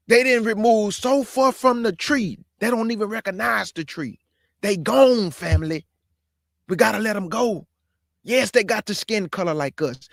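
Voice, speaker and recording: A man's voice: high-pitched, lively intonation, moderate pace, dry recording, studio quality. A man hosting his own stream, talking in a fiery, preachy way, repeating his points and calling his listeners family. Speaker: show host. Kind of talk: impassioned livestream commentary.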